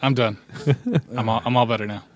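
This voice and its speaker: A man's voice: mid-range voice, little pitch movement, a little fast, dry recording. Man ranting with a laugh. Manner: ranting, self-mocking, laughing. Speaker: podcast co-host. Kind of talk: casual chat.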